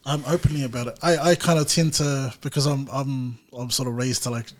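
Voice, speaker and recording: A man hosting a podcast interview, who asks thoughtful questions in a measured way with frequent ums. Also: mid-range voice, fairly even intonation. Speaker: podcast host, student teacher. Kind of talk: casual interview.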